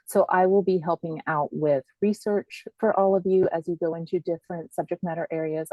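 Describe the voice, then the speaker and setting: A woman who works as a senior policy analyst, introducing herself to a committee over a video call in a clear, upbeat and organized way. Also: deep voice, warm tone, dry recording, poor audio. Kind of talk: introducing herself in an online meeting.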